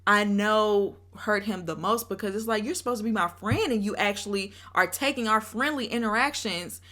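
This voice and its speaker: A young woman with a bright, forward voice delivers a casual commentary rant about a reality show. She is opinionated and animated, speaks straight to her audience and calls people out. Her pitch sits at a middling level for a woman. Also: moderate pace. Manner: opinionated, animated, addresses viewers directly. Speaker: reality TV reviewer, channel host.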